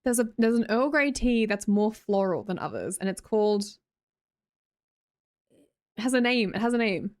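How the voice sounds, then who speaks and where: A woman's voice: mid-range voice, expressive, normal speed, long pauses. An Australian woman live streamer chatting casually with viewers, scattered and self-mocking, laughing often. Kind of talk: casual chat reading viewer messages.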